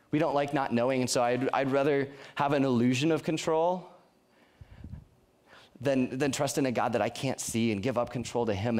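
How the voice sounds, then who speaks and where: A man's voice: medium pitch, darkish tone. Casting note: a young male youth pastor, earnest and conversational, speaking in a mid-range voice and stumbling over his restarts. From Colorado. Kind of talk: sermon. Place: church youth service.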